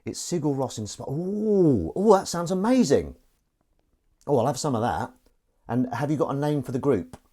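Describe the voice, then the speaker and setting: A man's voice: medium pitch, brisk, dark tone, slightly rough. A man live-streaming from his home kitchen sink, chatting casually while he washes up and making self-mocking jokes. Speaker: streamer washing dishes live.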